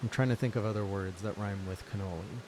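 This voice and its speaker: A man's voice: on the low side, fast, noisy background. A man streaming a game playthrough, rambling playfully and joking between lines of dialogue. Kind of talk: casual game playthrough commentary.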